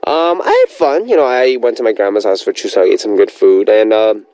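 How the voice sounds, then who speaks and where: A man's voice: on the low side, animated, fairly quick, mellow, no echo, poor audio. Chatty upbeat male radio DJ, dry studio. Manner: chatty, upbeat, rambling with many fillers. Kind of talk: radio show chat reading listener messages.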